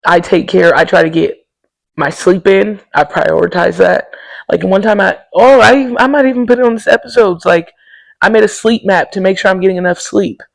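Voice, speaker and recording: A woman's voice: on the low side, gravelly, rough recording. A woman hosting a podcast, chatting candidly and casually to her listeners and sounding tired. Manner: candid, talks straight to listeners, often says y'all. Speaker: podcast host. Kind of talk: casual personal chat.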